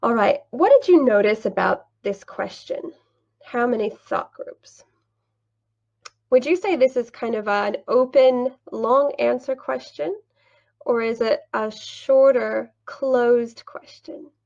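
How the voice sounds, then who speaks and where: A young woman explains online teaching step by step in a patient, teacherly way, asking questions and answering them herself. Her voice sits a little high and carries a gravelly fry. She speaks slowly, and the recording sounds slightly dull. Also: darkish tone. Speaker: English teacher and teacher trainer. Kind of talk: screen-share tutorial with a demo lesson.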